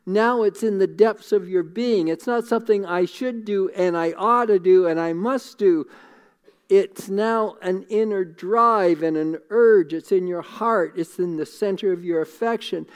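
A middle-aged man preaching a sermon, earnest and emotional, repeating phrases and dropping to a hush. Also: high-pitched, measured pace, smooth. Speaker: pastor.

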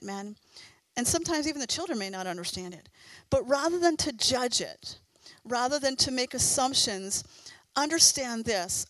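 A middle-aged woman preacher delivers a sermon with earnest, fervent encouragement. Her voice sits somewhat high, and the sound is close and dry, with little room around it. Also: dry recording, poor audio.

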